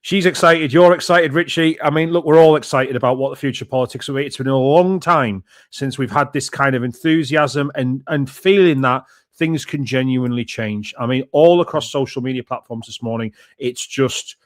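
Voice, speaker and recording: A man's voice: mid-range voice, moderate pace, no room sound, clean studio sound. A man co-hosting a political podcast, speaking in an enthusiastic, rallying way. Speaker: podcast co-host.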